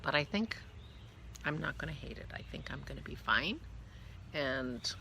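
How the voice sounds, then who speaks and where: A woman with a bright, forceful voice talks casually as a vlog host. She rambles chattily, trails off and restarts her thoughts, and turns to coo affectionately at her dog. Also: low-pitched, lively intonation, moderate pace, vocal fry, a little hiss or hum. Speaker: podcast host. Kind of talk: casual chat.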